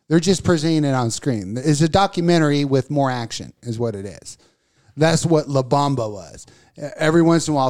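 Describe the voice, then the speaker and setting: A man's voice: mid-range voice, a little mellow. A man on a casual talk show, ranting profanely and laughing as he argues about movies. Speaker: podcast co-host. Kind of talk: casual comedic rant.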